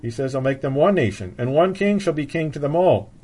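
Casting: male Bible teacher, slightly higher voice, reads scripture and then explains it. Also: lively intonation, fairly quick, warm tone, husky. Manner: reads scripture aloud in King James wording, then explains it plainly. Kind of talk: expository sermon with scripture reading.

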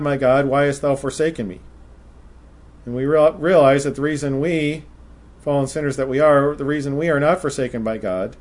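Man, preacher, sermon, measured delivery, reads scripture aloud. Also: mid-range voice, darkish tone.

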